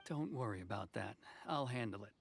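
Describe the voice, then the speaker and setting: A man's voice: on the low side, expressive, vocal fry, slight background noise. A man voicing a reserved, dry-witted official in a game. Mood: restrained. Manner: measured and restrained, with a dry wit. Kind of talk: game dialogue.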